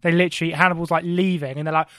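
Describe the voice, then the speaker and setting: A man co-hosting a podcast, retelling history in an animated comic way, full of swearing and rhetorical questions. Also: on the high side, very fast, no room sound, clean studio sound. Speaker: podcast co-host.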